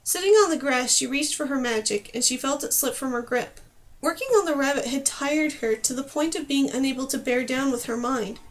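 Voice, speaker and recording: A woman narrating a fantasy audiobook with expressive storytelling. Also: sits high, a little fast.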